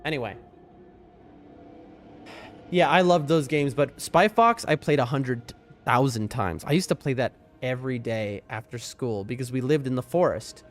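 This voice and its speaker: Chatty man streaming a game. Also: moderate pace. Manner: chatty and rambling, talks to his chat, soft high voice when talking to his cats. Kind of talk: casual live-stream chat. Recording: faint music behind the voice.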